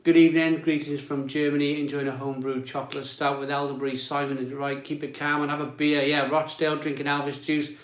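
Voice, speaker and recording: A man's voice: fairly high pitch, little pitch movement, quick pace, hardly any pauses, roomy sound. A man hosting a casual beer live stream, chatting and greeting viewers as he reads their comments aloud.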